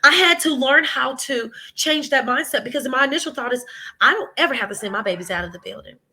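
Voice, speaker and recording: A woman's voice: high-pitched, animated, fast, bright, forceful tone, husky. A woman, telling her story animatedly in a casual interview and acting out the voices of people she quotes. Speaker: preschool owner and guest. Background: children nearby at home.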